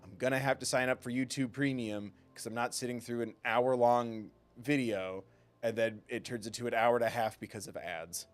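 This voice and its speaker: A male gaming streamer talking to his live chat in a loose, joking, self-deprecating way. His voice sits at an ordinary middle pitch, and he breaks into laughter often. Soft game music plays quietly underneath him. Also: fairly even intonation, normal speed. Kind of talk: casual live-stream commentary.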